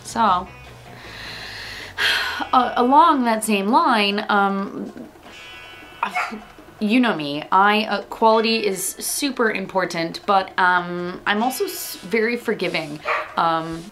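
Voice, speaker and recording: A woman's voice: mid-range voice, slow, pauses often, over music. A woman vlogger talking frankly and casually to her camera, with lots of ums and likes. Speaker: beer vlogger.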